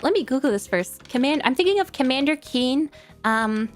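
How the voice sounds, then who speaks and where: A woman's voice: sits high, expressive, moderate pace. A young woman with a New York accent chatting casually with her stream, giggling often and trailing off into fillers and restarts. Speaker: streamer answering viewer questions. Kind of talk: casual chat. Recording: faint music behind.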